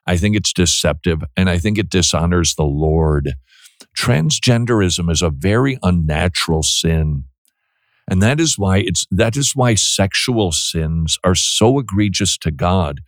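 A man talks through a Christian call-in radio show in an earnest, preachy way, often stammering and restarting his sentences. His voice sits fairly low. The sound is dry and close, with no room around it. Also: lively intonation, measured pace, no echo. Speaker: radio host.

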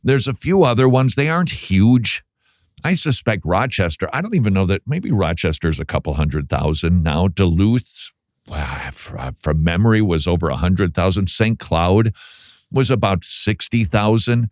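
A man's voice: deep voice, animated, moderate pace, dry recording, clean studio sound. A man from Minnesota with a Minnesota accent, hosting a talk radio show in a rambling, joking way and searching aloud for words.

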